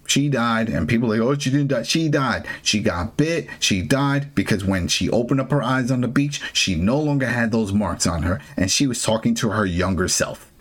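A man's voice: mid-range voice, expressive, normal speed, few pauses. A man hosting a casual TV recap, ranting with exasperation and frequent restarts. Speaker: TV show recap host. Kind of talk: casual opinionated recap chat.

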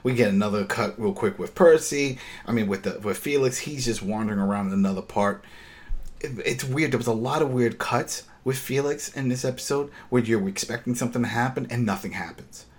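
Exasperated man ranting through an episode recap. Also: mid-range voice. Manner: animated, exasperated ranting with swearing; acts out character lines in quick impressions. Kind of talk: casual spoken episode recap.

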